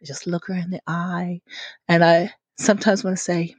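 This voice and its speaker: A woman's voice: lowish voice, little pitch movement, normal speed, husky, dry recording. A woman, hosting her own podcast in a chatty, giggly, rambling way. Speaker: podcast host. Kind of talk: casual solo podcast chat.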